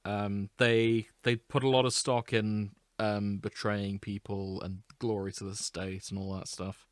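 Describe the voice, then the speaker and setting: A man's voice: fairly low pitch, little pitch movement, unhurried, dry recording, clean studio sound. A man co-hosting a podcast in casual chat, playful and crude, laughing often. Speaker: podcast co-host.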